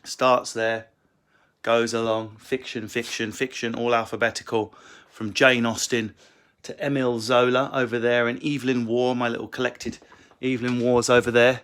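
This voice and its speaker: Sitting in a book-lined room at home and using his phone, a male comedian fields viewer questions in a casual livestream Q&A, peppered with swearing and fast jokes. His medium-pitched voice is smooth and fairly bright, with little pitch movement.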